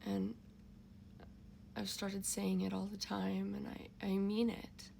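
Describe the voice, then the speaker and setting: An older woman speaks to camera in a gravelly, middle-pitched voice, drifting often into soft whispers as she shares a tender family memory. Her delivery is emotional and reflective. A faint hiss of background noise sits under the recording. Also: completely flat delivery, slow pace. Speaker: vlogger. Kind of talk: personal storytelling to camera.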